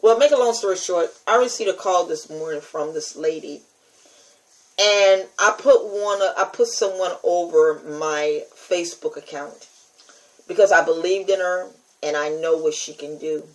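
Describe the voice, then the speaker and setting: Emphatic older woman host, low voice. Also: moderate pace, poor audio. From United States. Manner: emphatic, repetitive, testifying tone. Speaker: podcast host and preacher. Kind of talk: casual spoken monologue to listeners.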